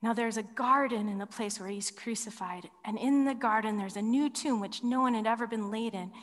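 A woman preaching a sermon as a dramatic story, moving between loud cries and hushed whispers. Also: fairly high pitch, a little fast. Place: large hall with ceiling. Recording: long reverb in a large hall.

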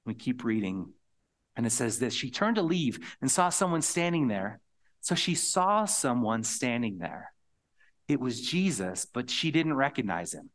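A man preaching a sermon, earnest and storytelling, sometimes dropping to a hushed whisper on key words. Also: medium pitch. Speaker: pastor.

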